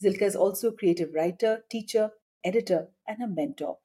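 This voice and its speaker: A woman's voice: mid-range voice, a little fast, warm tone, slightly rough. A woman hosting a podcast who introduces her guest and asks long, searching questions with many fillers. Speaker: podcast host. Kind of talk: interview hosting.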